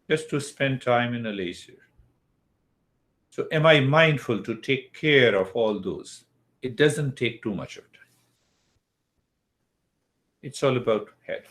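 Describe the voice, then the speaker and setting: Here an older man with a slightly bright, mid-range voice teaches a yoga philosophy lesson. He asks questions and answers them on his own, in a slow, deliberate manner.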